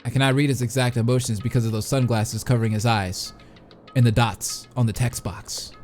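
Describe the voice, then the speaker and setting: A man voicing a composed, analytical young female psychologist student, speaking low. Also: steady tone, a little fast, darkish tone, soft background music, natural voice.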